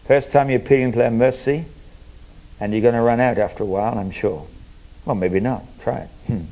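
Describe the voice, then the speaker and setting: A man preaching a sermon, explaining with everyday stories and moving between emphatic points and quiet, earnest asides. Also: mid-range voice, steady tone, a little fast, poor audio. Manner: conversational, illustrates with everyday stories.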